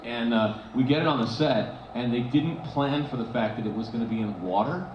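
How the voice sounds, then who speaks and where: Guy at a con panel, animated, keeps laughing, muffled recording, noisy hall. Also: medium pitch, a little fast. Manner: animated, laughing storyteller with many restarts. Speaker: convention panel guest. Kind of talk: casual stage Q&A storytelling. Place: convention hall stage. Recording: echoey hall, dull, noisy fan recording.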